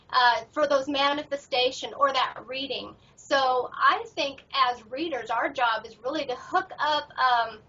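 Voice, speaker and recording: A middle-aged woman with a high, bright voice talks in an upbeat, chatty way as an interview guest. Her sound is muffled and comes from some distance off the mic, like an online call. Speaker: professional tarot reader guest. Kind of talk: casual interview chat. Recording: muffled audio from far off the mic.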